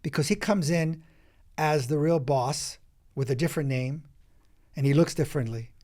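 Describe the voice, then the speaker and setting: A man, an acting coach, speaking as a podcast guest and telling stories in an emphatic, animated way, with quick bursts and restarts. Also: fairly high pitch. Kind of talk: animated interview storytelling.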